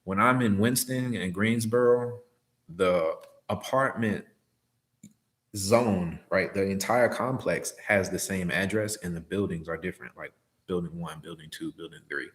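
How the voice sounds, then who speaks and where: Deep-voiced laid-back man. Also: a little slow, fairly bright tone. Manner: laid-back, slangy, acts out phone calls. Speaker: delivery driver answering live chat. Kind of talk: casual livestream chat.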